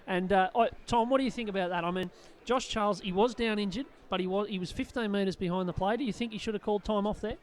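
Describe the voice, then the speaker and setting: A man giving expert rugby league commentary, chatty and detailed in his breakdowns of the play. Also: high voice. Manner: quick, chatty, explains plays in detail.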